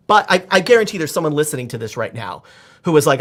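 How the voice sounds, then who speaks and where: A man in his forties, a performance coach, talking as a podcast guest in an animated, expressive way with frequent restarts. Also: a little high, fast. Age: 40s. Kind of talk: conversational podcast interview.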